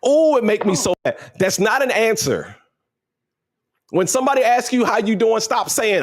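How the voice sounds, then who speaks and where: Emphatic high-voiced man giving motivational talk. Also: lively intonation, normal speed. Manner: emphatic, repeats himself, casual slang. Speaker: motivational livestream host.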